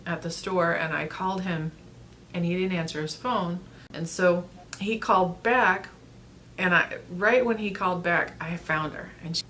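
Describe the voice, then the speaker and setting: Woman vlogger, thirties, slightly low voice, rambling and earnest, light background noise. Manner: earnest, rambling, with frequent restarts and soft laughs. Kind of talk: casual storytelling to camera.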